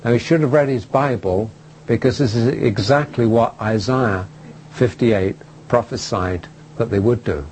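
Guy preaching a sermon, middle-pitched voice, emphatic, lots of rhetorical questions, slight hiss behind. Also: measured pace, darkish tone, poor audio.

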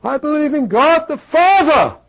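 A man's voice: very high voice, very animated, a little slow, fairly bright tone, pitched above the performer's own voice, exaggerated voice. A man doing a weeping, distraught farmer. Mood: crying out. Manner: crying out his words.

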